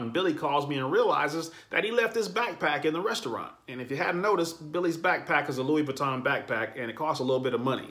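Guy doing easygoing voice-over for his travel vlog, chatty storytelling. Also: mid-range voice. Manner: relaxed conversational storytelling. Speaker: vlogger.

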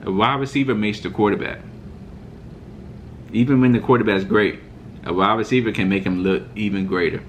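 A man with a fairly low voice rants heatedly through a sports reaction video. His delivery is mocking and fired up. Faint background noise sits under the recording. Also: steady tone, brisk, long pauses.

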